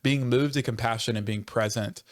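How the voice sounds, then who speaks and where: A man's voice: mid-range voice, steady tone, dry recording. Pastor guy talking w a lot of heart, dry close mic, trips over his words sometimes. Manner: earnest and passionate, quickening when stirred, with self-interrupting restarts. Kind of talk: conversational church podcast discussion.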